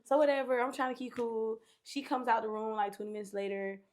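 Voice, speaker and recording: A woman's voice: on the high side, fairly quick, a little mellow. A young woman, a podcast guest, telling a story in casual chat, candid and profane, acting out what people said.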